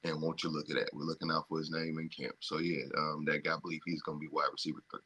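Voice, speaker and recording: Very deep-voiced, bright male co-host. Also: level tone, husky. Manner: halting, with many ums and restarts. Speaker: podcast co-host. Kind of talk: casual sports podcast chat.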